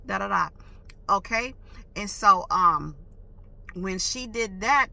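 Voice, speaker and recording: A woman vlogger telling a story in a casual, animated way, full of emphatic slang and sound effects like "boom" and "whoop.". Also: measured pace, gravelly.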